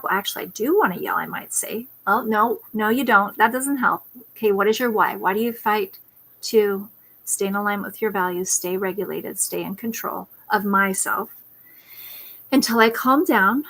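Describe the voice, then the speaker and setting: A woman's voice: mid-range voice, moderate pace, fairly bright tone. A woman parenting coach telling a personal story on a talk show over a video call, reflective, now and then putting on her child's pleading voice.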